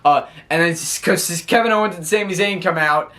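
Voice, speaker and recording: Man, slightly high voice, casual vlog recap, rambling, stumbles on words, laughs a lot. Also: a little fast, pushed and bright. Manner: rambling, stammering, laughing often. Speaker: wrestling show reviewer.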